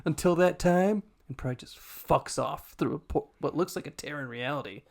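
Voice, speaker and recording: A man's voice: mid-range voice, normal speed, creaky. A man hosting a podcast, casually recapping a story, laughing often and swearing in a self-deprecating way. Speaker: podcast host.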